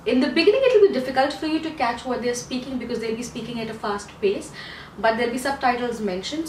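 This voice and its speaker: A woman whose first language isn't English coaches for an English test in a chatty teaching monologue, repeating points and posing rhetorical questions. Her voice is a little high, recorded from a distance in an echoey room with a slight hiss or hum.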